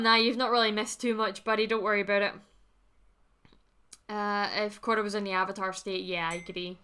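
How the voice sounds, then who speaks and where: A young woman talks casually to her livestream viewers. Her voice is bright and forward, and she is blunt and chatty, laughing easily and swearing freely as she replies to chat. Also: mid-range voice, little pitch movement, a little fast, clear, resonant tone. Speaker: livestream host reading chat.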